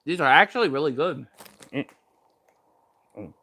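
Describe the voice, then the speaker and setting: A man's voice: a little high, expressive, moderate pace, pushed and bright. A young man chatting casually while tasting snacks, rambling with many fillers and talking with his mouth full. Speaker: vlogger.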